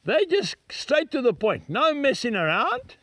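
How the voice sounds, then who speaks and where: Older man preaching, lively high voice. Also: measured pace, dry recording. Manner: folksy, earnest, talks straight to listeners. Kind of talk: sermon and prayer.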